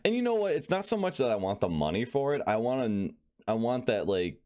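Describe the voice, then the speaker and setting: A man's voice: medium pitch, big pitch swings, fairly quick, darkish tone. A man co-hosting a podcast in casual chat, an aspiring voice actor who laughs often and trails off mid-sentence.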